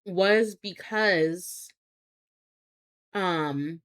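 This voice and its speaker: A woman's voice: on the low side, drawn-out words. Rambling young woman streamer, full of fillers. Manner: rambling, hesitant, many fillers and restarts. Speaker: live streamer. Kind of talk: casual chat with viewers. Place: home streaming setup.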